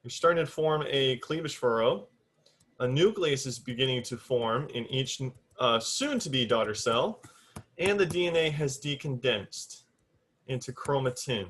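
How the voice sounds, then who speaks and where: A man giving a biology lesson at a middle pitch. He speaks to his students in an informal, direct way and is firm about exact scientific terms. He sometimes counts aloud as he draws. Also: unhurried, a bit bright. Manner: counts aloud while drawing on a board. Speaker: biology teacher. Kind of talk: recorded classroom lecture.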